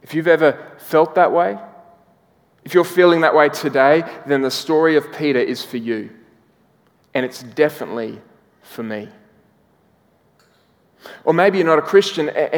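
A man preaching a sermon as pastor, telling a story and slowing down, dropping soft for emphasis. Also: a little high, long reverb tail. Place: church hall.

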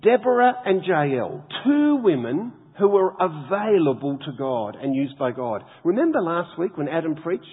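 Guy preaching in a big echoey hall, high voice, sounds tinny like a phone. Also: husky. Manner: expressive, slow emphatic reading of scripture. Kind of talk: sermon.

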